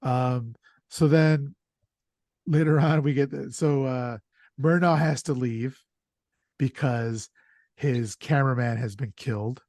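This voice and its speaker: A man hosting a podcast chat, talking in an excitable, loose way, dropping swear words and plenty of ums and restarts. His voice sits at an everyday middle pitch. The sound is dry and close, with no room echo. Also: takes it slowly, pauses often. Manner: excitable, profane storytelling with lots of fillers. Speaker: podcast host. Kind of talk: casual chat.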